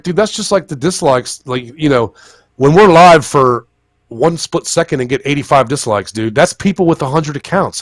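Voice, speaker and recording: A man hosting a live podcast, ranting in a profane, heated way. His pitch swings widely and sits a bit high for a man. The sound is dry and close, with little room echo. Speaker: podcast host. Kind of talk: casual live podcast chat.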